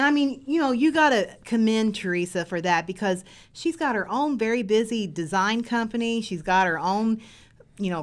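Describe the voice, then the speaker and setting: A woman hosting a casual live chat, excited and gushing. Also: mid-range voice. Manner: gushing, excited, laughs easily. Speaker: host.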